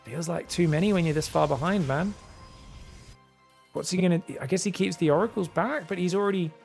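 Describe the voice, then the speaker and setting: Gravelly Australian man casting esports. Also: high voice, fairly quick, soft background music. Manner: chatty, thinks aloud, excitable on big plays. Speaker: esports caster. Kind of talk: solo play-by-play commentary.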